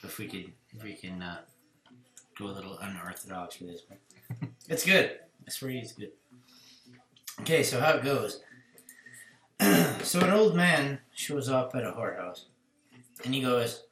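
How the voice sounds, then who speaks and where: A man's voice: on the low side, lively intonation, normal speed, pauses often, fairly bright tone, echoey room. A man co-hosting a podcast in casual chat, telling crude jokes and stories with loose laughs. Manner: laughing, swearing, loose storytelling.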